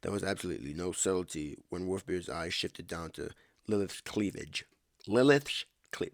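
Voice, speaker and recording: A man with a very deep, gravelly voice reads a story aloud for a podcast. The sound is dry and close. He keeps stumbling, rereading lines and dropping in his own comments. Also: measured pace, no echo. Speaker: story reader and podcast host. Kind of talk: reading a story aloud with asides.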